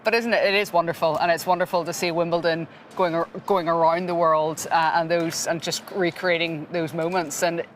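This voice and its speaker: A woman's voice: fairly low pitch, steady tone, fairly quick, few pauses, a little hiss or hum. A woman presenter, speaking in a rambling way with many restarts. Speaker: studio presenter.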